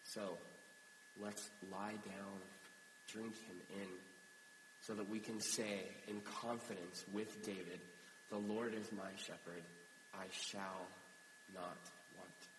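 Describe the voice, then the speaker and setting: Pastor preaching in an echoey hall. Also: male voice, fairly low pitch, slow pace, background noise. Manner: conversational, animated storytelling. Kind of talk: sermon.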